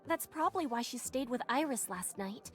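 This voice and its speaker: Brief: actress as a soft-spoken game waitress, slightly high, polite. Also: female voice, lively intonation, moderate pace, soft background music, natural voice. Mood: concerned. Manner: soft, courteous. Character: polite female shop worker, gentle and concerned. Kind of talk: video game voice acting.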